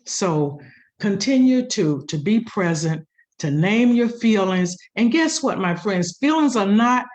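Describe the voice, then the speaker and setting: Middle-aged woman chaplain, African American accent, expressive preacher-style delivery. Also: medium pitch, measured pace. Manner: expressive, swings into emphatic preaching cadence. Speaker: hospital chaplain and pastoral educator. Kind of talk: community panel talk, preacher-like.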